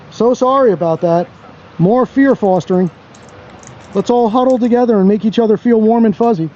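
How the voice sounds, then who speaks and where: Mocking male videographer, high mellow voice, dull clip audio. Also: lively intonation, moderate pace, pauses often, a little hiss or hum. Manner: blunt, profane, mocking. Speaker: camera-carrying auditor. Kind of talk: narrating while filming outdoors.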